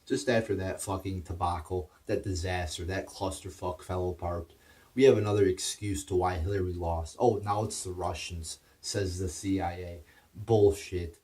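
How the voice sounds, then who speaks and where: A man's voice: low voice, flat delivery, normal speed, a little mellow, distant mic. A man delivering a heated, profane political rant, stumbling over his words and restarting as he goes. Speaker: political commentator.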